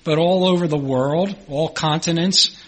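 Husky preacher with a Philadelphia accent. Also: male voice, a little high, measured pace, a bit bright, poor audio. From Philadelphia, United States. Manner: earnest, repeats phrases for emphasis. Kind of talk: sermon.

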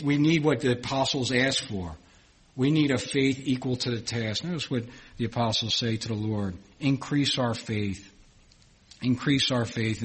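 Preaching with earnest repetition, a middle-aged pastor often grows louder on key phrases and restarts what he is saying. He has a mid-range voice with a breathy edge.

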